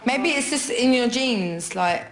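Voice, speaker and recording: A woman's voice: on the high side, animated, unhurried, fairly bright tone, slight background noise. A young woman from London with a Cockney accent, answering interview questions casually, giggly and hesitant with many fillers. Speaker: guest. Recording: echoey room.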